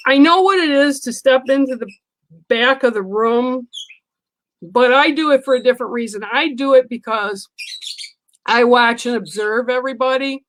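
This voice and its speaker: A woman doing spiritual card readings on a livestream, talking slowly with many ums and pauses. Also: high voice, fairly bright tone, low-quality recording. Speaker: livestream psychic reader.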